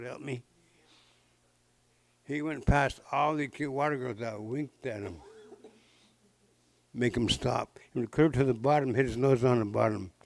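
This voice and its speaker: Older man telling legends, gravelly. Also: medium pitch, dry recording, low-quality recording. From Pacific Northwest of the US. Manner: playful, interactive, jokey asides. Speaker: traditional storyteller. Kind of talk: live storytelling to an audience. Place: public library talk.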